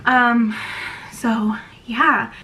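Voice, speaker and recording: A woman's voice: a little high, fairly even intonation, extremely slow, pushed and bright, slight background noise. A young woman vlogging a candid pregnancy update, chatty and frank with many ums, sighing and feeling nauseous. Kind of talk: casual pregnancy update vlog.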